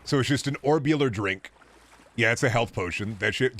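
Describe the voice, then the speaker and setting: A male gaming streamer talking casually over gameplay in a mid-range voice. He rambles and swears freely, with animated bursts. The delivery is loose and conversational. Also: mid-range voice, moderate pace. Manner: rambling, profane, animated outbursts. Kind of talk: casual live-stream chat.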